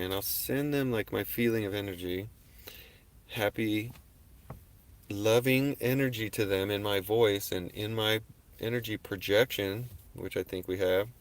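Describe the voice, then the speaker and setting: A man's voice: on the low side, steady tone, moderate pace. A man hosting a casual livestream, talking in a rambling, laid-back, slangy way into his webcam. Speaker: livestream host. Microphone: webcam on a desk.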